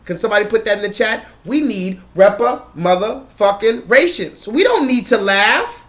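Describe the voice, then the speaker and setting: Male streamer, high-pitched, profane mocking rant to his chat. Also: animated, moderate pace, a bit bright. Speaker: live stream host. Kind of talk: ranting live stream commentary.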